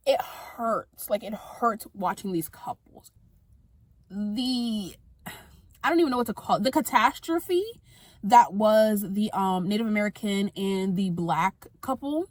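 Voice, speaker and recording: A young woman vlogging in a casual, exasperated rant, tossing in quick asides as she talks to her viewers. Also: a little high, animated, no room sound. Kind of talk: casual ranting monologue to camera.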